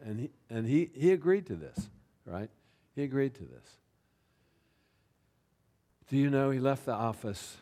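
A pastor telling a personal story in a sermon, chatty and self-deprecating, often tossing in "right?" and "you know.". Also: male voice, medium pitch, animated, unhurried, pauses often, dark tone. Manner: conversational, with frequent "right?" and "you know" asides.

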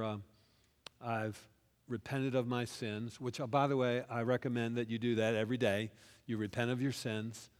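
A man preaching a sermon as pastor, moving between quiet confiding asides and loud rousing call-and-response with the congregation. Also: medium pitch. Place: church hall. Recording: long reverb of a large hall.

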